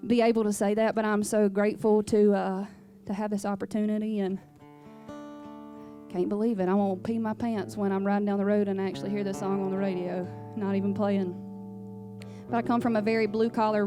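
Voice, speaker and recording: Young louisiana gal w a southern drawl, folksy storytelling, some guitar faintly behind. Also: female voice, mid-range voice. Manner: folksy, sassy, down-home storytelling. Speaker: country singer. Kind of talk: storytelling between songs. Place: radio station performance studio.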